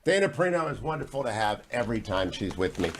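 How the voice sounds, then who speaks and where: A man's voice: mid-range voice, sing-song, fast talker, a little hiss or hum. A man hosting a radio talk show, interviewing a guest in an enthusiastic, praising way.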